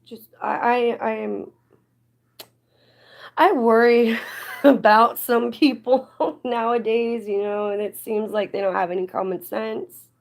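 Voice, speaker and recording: A woman's voice: on the high side, fairly even intonation, slow pace, vocal fry, pauses often. A woman chatting casually on a live stream, rambling and getting indignant at times. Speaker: livestreamer.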